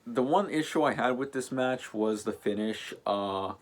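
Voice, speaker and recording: A man's voice: mid-range voice, unhurried. A man hosting a casual wrestling show review, talking in a rambling way and often correcting himself. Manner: rambling, self-correcting, many fillers. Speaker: host.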